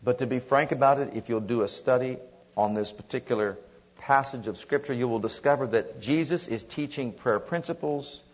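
A middle-aged man preaching a sermon, swinging between hushed, tender passages and loud, urgent ones. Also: mid-range voice, normal speed, lo-fi sound. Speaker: pastor.

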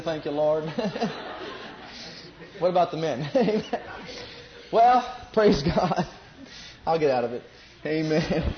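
High-voiced male preacher, muffled recording. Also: echoey room, slight background noise. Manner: repetitive, asks the congregation questions. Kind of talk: sermon.

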